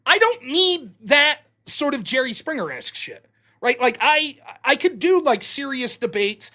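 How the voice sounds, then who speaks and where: A man's voice: extremely high pitch, very animated, unhurried, bright, forceful tone. A man talking casually as a guest, telling a story in a blunt and profane way. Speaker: guest streamer and debater. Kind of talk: casual podcast conversation.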